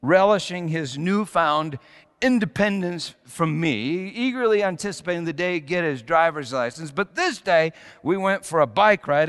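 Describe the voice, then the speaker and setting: A middle-aged man preaching a sermon with storytelling, moving between hushed passages and emphatic ones. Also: high voice, smooth. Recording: long hall reverb.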